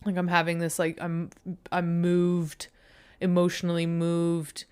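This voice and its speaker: A woman hosting her podcast, chatty and self-deprecating, swearing freely and a bit low on energy. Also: monotone, a little slow, a little mellow, clear, resonant tone. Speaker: podcast host. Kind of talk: casual solo podcast intro.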